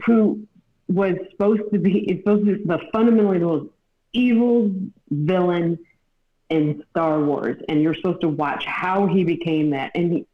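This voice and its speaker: Male co-host, high voice, echoey lo-fi call audio, rambling and emphatic. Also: moderate pace. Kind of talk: casual group chat over a video call.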